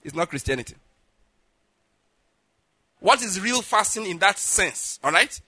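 A middle-aged man, a pastor preaching a sermon with lively acted-out stories, often saying "listen" and "all right". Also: sits high, unhurried, breathy edge, no room sound. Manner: lively, repeats "listen" and "all right", laughs at own jokes.

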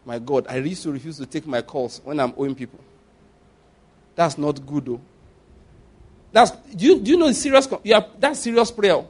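Higher-voiced man preaching a conversational sermon. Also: lively intonation, normal speed, long pauses, slightly rough. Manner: repeats phrases for emphasis, swings from soft to loud.

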